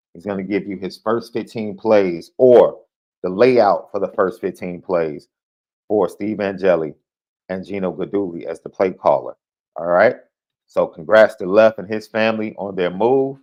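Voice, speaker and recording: A man hosting a live sports podcast, chatting casually and reading out viewer predictions with excited jumps in his voice. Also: highs cut off. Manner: animated, excitable, jumps in pitch. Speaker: podcast host.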